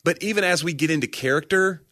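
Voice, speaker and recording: A man co-hosting a casual chat, teasing and quick-witted. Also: a little high, bright, forceful tone, no echo, studio quality. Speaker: podcast co-host.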